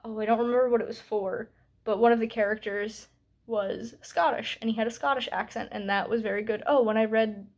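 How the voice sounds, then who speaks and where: A young woman with a slightly high voice, chatting casually into the camera about a book. She speaks candidly and loosely, with plenty of "like" and "um" and the odd aside. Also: fairly even intonation, a little fast. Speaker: book vlogger. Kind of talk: casual book review vlog.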